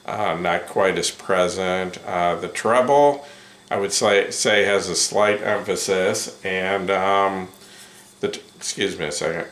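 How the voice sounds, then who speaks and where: Give me a deep-voiced man casually reviewing headphones, pausing with ums. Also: a bit bright. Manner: unhurried, many ums and self-corrections. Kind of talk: casual first-impressions review. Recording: roomy echo.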